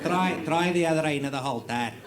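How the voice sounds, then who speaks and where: A man voicing a gruff, boastful old farmer from the Buchan countryside, with a northeast Scottish accent and a blunt manner. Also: a little high, fairly quick, reverberant, over a noisy crowd, close to an everyday voice. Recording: noisy tape copy with audience laughter.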